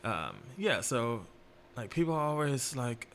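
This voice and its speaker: A man chatting casually about work, laid-back and quick to laugh, acting out past conversations. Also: mid-range voice, slight background noise. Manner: laid-back, laughs often, animated retellings. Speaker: restaurant worker. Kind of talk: casual chat.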